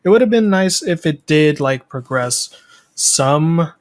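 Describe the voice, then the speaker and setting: A man's voice: fairly high pitch, expressive, slow pace. A man hosting a casual chat about a comic, rambling, joking and swearing. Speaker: podcast host.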